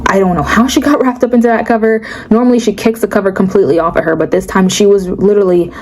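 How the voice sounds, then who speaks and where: A woman's voice: mid-range voice, fairly even intonation, fast talker, darkish tone, slight background noise, low-quality recording. A young woman telling a casual faith story to her viewers, chatty and full of asides. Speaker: faith vlogger. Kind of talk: casual testimony.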